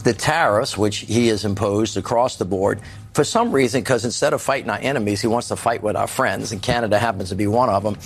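A man's voice: lowish voice, a little fast, slight background noise. A man speaking as a guest on a news panel, folksy and emphatic, acting out what ordinary people say. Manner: folksy, emphatic, quotes people in plain talk. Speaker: political commentator guest. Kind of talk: panel discussion.

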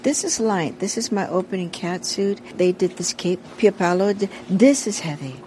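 A middle-aged woman being interviewed about her career and family, talking softly and haltingly and repeating words as she searches for them. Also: medium pitch, a little hiss or hum, low-quality recording. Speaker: interview guest, veteran entertainer. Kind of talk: casual interview conversation.

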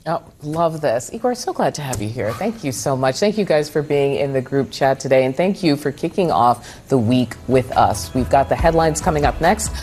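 Very low-voiced woman hosting a panel. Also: animated, normal speed, hardly any pauses, a little mellow, faint music behind. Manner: chatty, laughs often. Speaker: news show host. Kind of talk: casual panel chat.

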